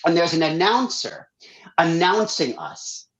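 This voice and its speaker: A man, a guest on a talk show, telling a long family story in a casual, animated way and acting out the voices of the people in it. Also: on the high side, a little slow, low-quality recording.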